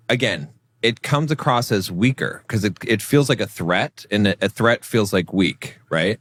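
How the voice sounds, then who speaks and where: A man's voice: on the low side, lively intonation, moderate pace, fairly bright tone, dry recording. A man co-hosting a podcast, talking casually about relationships, often repeating words and checking in with "right?". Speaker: podcast co-host.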